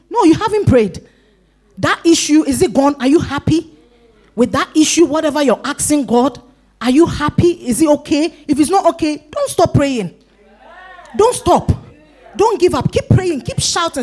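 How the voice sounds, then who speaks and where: A woman's voice: sits high, lively intonation, moderate pace, a little mellow. A woman pastor preaching a sermon, exhorting her congregation with rising, emphatic pleas.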